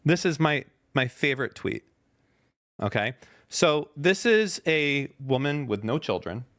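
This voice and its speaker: A man's voice: medium pitch, very animated, a little slow, fairly bright tone. A man hosting a podcast in casual chat, reading tweets aloud with a sarcastic, mocking manner and many fillers. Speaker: podcast host.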